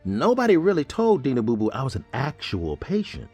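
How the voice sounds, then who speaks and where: A man casually telling his own story to his audience in an animated, joking, conversational way. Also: mid-range voice, fairly quick, slightly rough, faint music behind.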